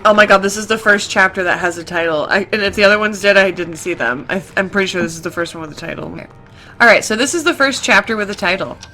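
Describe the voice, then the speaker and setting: A young woman reading fan fiction aloud for laughs, with animated, giggly narration. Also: mid-range voice, fast, faint music behind. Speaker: reader. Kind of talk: comedic fanfiction reading.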